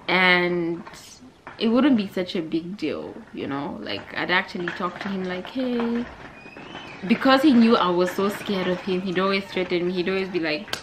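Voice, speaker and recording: Young woman vlogger, animated and chatty, storytime to camera, mid-pitched. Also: a little hiss or hum. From Zambia. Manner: animated, chatty, addresses viewers directly. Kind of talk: casual storytime vlog.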